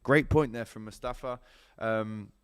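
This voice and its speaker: A man's voice: medium pitch, steady tone, unhurried, clean tone, no room sound, clean studio sound. A male sports show host, chatting casually through football transfer news and viewer comments, with plenty of ums as he talks straight to his audience. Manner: chatty, lots of ums, addresses viewers directly.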